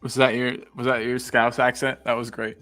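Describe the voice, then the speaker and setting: A man's voice: mid-range voice, flat delivery, normal speed, sharp tone, faint music behind. A man co-hosting a casual live-stream podcast, easygoing with teasing banter. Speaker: podcast co-host.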